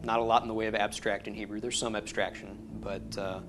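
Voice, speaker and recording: Low-voiced man teaching a class. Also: level tone, fairly quick, noisy background. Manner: patient, explanatory, with many ums and restarts. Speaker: Hebrew teacher. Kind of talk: classroom lecture.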